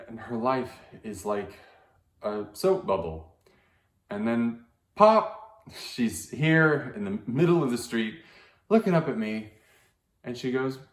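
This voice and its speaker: A man performing a deadpan comic monologue for an audition, halting and hesitant with soft trailing asides. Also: mid-range voice, roomy sound.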